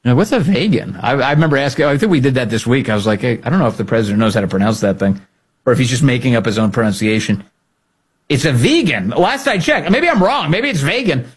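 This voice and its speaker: Husky-voiced sarcastic male political host. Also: mid-range voice, fast talker. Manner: sarcastic, animated, laughs often. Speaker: podcast host. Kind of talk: political commentary.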